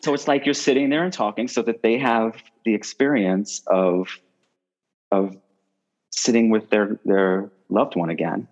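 A man with a very low voice talks through a slightly dull, lo-fi line. He speaks loosely and casually, circling and restarting his sentences, and livens up when he tells a story. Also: measured pace. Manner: rambling, restarts phrases often, animated when telling stories. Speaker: guest medium. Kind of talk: casual conversational interview.

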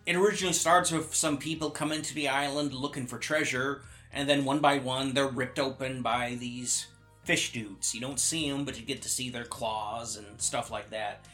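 Man, podcast co-host, casual plot recap, crisp bright tone. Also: mid-range voice, fairly even intonation, soft background music. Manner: laid-back recapping, acts out characters in quick voices. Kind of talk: casual movie review chat.

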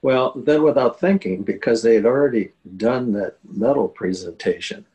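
A man's voice: medium pitch, moderate pace, mellow, poor audio. An older man telling an emotional story in a casual interview, earnest and full of fillers. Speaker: guest telling a war veteran story.

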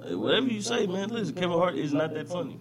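A man in casual banter with a friend, animated and laughing, swearing freely. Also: high voice, quick pace, over a noisy crowd.

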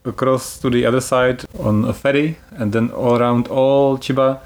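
A man's voice: medium pitch, steady tone, moderate pace, a little mellow. Chatty man hosting a travel podcast. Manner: chatty, explanatory, laughs easily. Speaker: podcast host. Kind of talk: casual podcast chat.

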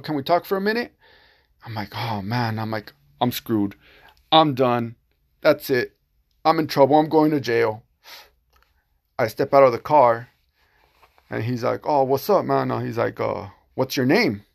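A man's voice: mid-range voice, creaky, darkish tone. A man casually telling a first-person story on his podcast, rambling with lots of fillers and acting out quoted exchanges.

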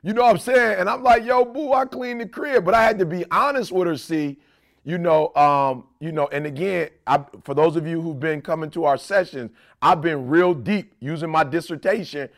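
Man, podcast co-host, high-pitched, gravelly, animated storyteller. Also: moderate pace. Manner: animated storyteller, acts out quoted voices. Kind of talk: casual podcast chat.

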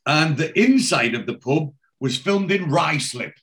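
A man with a slightly high, fairly bright voice speaks a little slowly and expressively. Hosting a casual podcast, he recaps a TV episode scene by scene, reading the characters' lines in his plain retelling voice and filling gaps with lots of ums and restarts.

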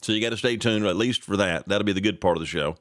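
A man hosting a casual morning radio show, greeting texters, pitching a sponsor and reacting to the news in a rambling, animated way. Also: fast talker, no echo, clean studio sound. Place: radio studio. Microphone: studio microphone.

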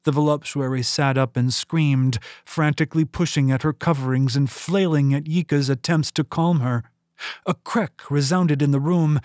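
A man narrating a fantasy audiobook in a steady, deliberate reading. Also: fairly high pitch, no room sound, studio quality. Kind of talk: scripted narration.

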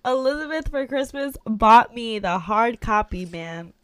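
A woman's voice: fairly high pitch, unhurried, no echo. Woman co-host, giggly and hyped, dry close-mic read. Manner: giggly, excitable, playful teasing. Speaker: podcast co-host. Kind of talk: casual chat. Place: apartment in New York City.

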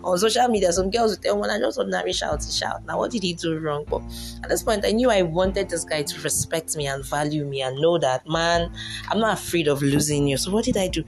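Over faint music, a young woman with a lowish, darkish voice talks briskly about relationships as an advice vlogger. Her casual monologue is full of laughter and quoted impressions of her former self.

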